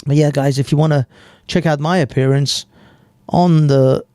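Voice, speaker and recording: A man chatting casually on a live stream, slow and profane. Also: fairly high pitch, steady tone, warm tone, clear, resonant tone, no echo, studio quality.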